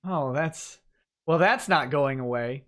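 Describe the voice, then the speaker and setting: A man hosting a live-stream interview, talking in a halting way full of restarts and dropping wry jokes. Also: on the high side, fairly bright tone. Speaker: host.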